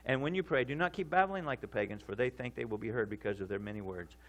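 A man preaching a sermon in a conversational way, often checking in with his listeners and getting louder and higher for emphasis. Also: quick pace. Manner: rises in pitch and volume for emphasis. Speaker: pastor.

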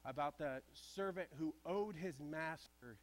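A man's voice: fairly high pitch, measured pace. A man preaching a sermon in a church, conversational and asking the congregation direct questions. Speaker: pastor.

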